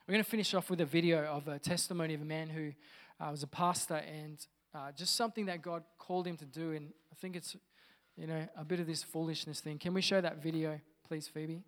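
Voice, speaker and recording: A man's voice: on the high side, steady tone, fairly quick, a bit bright, in a large hall. A man, a pastor, preaching a sermon in a conversational way with casual asides.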